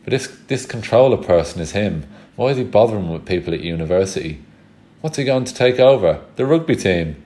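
A man's voice: fairly low pitch, animated, a little fast, mellow, natural voice. A man voicing a sporty schoolgirl in a storybook, questioning and indignant.

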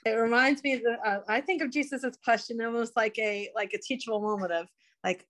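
Woman, study group member, slightly high voice, hesitant, lots of pauses. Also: fairly even intonation, a bit bright. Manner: hesitant, many uh fillers. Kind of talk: casual discussion.

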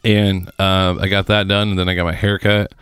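A middle-aged man chatting casually as a podcast co-host, telling brisk stories and swearing freely. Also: sits low, level tone, fairly bright tone, smooth, no echo, studio quality. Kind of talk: casual chat.

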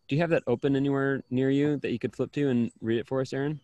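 A man's voice: mid-range voice, quick pace, hardly any pauses, no echo, studio quality. A man hosting a casual faith podcast, talking loosely with many fillers over a video call. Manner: relaxed, rambling with fillers. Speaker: podcast host.

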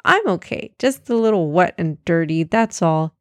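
A woman reading aloud, voicing a lively, outspoken young girl in a high childlike voice. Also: moderate pace, dry recording, lightly acted. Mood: chatty.

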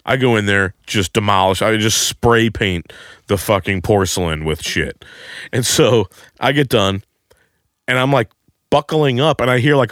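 A man co-hosting a podcast tells a crude comedic story with plenty of swearing. He jumps into loud, high bursts whenever he quotes someone. His medium-pitched voice is recorded dry, with no room sound. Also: a little fast, no room sound. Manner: crude, animated, shouts quoted lines.

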